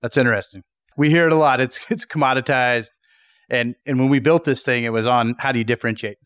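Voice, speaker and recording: Smooth-voiced male interview host. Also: mid-range voice, quick pace, fairly bright tone, no room sound, clean studio sound. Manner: encouraging, with short interjections. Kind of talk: conversational interview.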